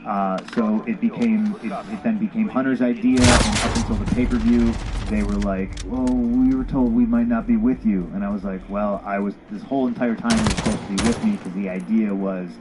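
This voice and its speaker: A man's voice: lowish voice, steady tone, fairly quick, hardly any pauses, heavy background noise. A man telling a story bluntly with lots of swearing, acting out both sides of old conversations. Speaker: former pro wrestler telling a story. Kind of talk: casual candid storytelling.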